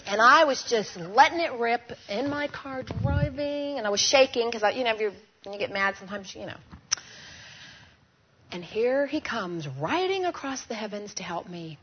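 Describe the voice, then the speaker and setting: A woman giving a storytelling sermon to a women's gathering, animated and conversational, often asking the audience questions. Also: a little high, brisk, breathy edge. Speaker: speaker addressing a women's gathering. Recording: muffled lo-fi recording with faint hiss.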